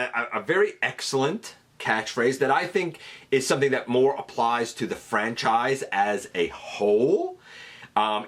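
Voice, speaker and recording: A man talks straight to camera as the host of a fan countdown, relaxed and enthusiastic. His pitch leaps around freely as he riffs, full of little fillers and restarts. It sounds like easy, friendly fan commentary. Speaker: host counting down a top ten list.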